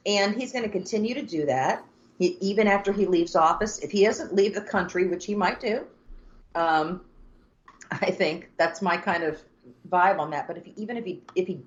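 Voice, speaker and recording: A woman's voice: fairly low pitch, moderate pace. A woman co-hosting a podcast, talking politics in a blunt, exasperated way and swearing freely. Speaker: podcast co-host. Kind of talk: casual political chat. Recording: dull lo-fi sound.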